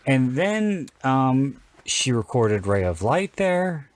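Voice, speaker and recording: A man's voice: medium pitch, sing-song, slow. A man hosting a podcast, talking in a rambling, candid way and swearing freely. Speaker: podcast host. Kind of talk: casual chat.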